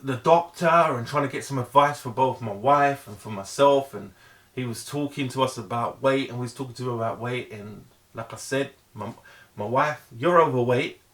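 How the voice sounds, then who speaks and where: A man's voice: medium pitch, a bit bright. A middle-aged man giving an earnest, emphatic motivational monologue, repeating himself for emphasis and stumbling into restarts. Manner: earnest, emphatic, heavily repetitive; halting restarts. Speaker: vlogger.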